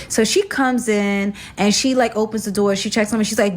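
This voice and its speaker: A young woman, from Brooklyn, telling a personal story in an animated, slangy, emphatic way. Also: medium pitch, a little fast, hardly any pauses. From Brooklyn, New York. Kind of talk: storytime vlog.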